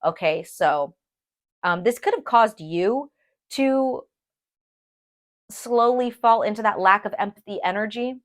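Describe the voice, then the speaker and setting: Woman, casual tarot reader, chatty and animated, talks straight to viewers, mid-pitched. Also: a little slow, long pauses. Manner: chatty and animated, addresses viewers as "you guys", frequent "okay?". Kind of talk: casual tarot reading to camera.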